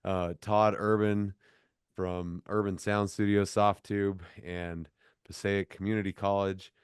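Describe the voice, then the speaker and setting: Male lecture-series host, deep resonant voice, dry close sound, friendly and encouraging. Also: flat delivery, slow pace, clean tone, no echo. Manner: friendly, affirming, wraps up with thanks. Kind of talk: casual interview hosting.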